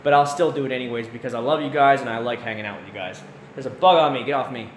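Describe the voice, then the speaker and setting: A man's voice: medium pitch, fast. Rambling man on a late-night livestream. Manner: rambling, casual, chats with viewers by name. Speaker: livestream host. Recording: roomy echo with faint room noise.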